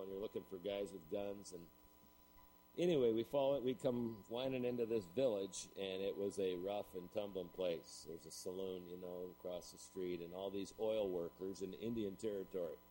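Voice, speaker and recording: A man's voice: deep voice, moderate pace, mellow, a little hiss or hum, poor audio. A middle-aged man preaching a sermon, telling a story and then building to emphatic points. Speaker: pastor.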